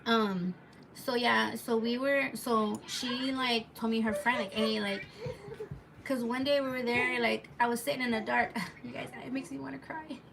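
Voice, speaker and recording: A woman's voice: fairly high pitch, fairly even intonation, a little slow, vocal fry. A woman telling a personal story to her viewers in a rambling, casual way, full of fillers and restarts, live from home on a phone. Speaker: live-stream vlogger. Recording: noisy home recording.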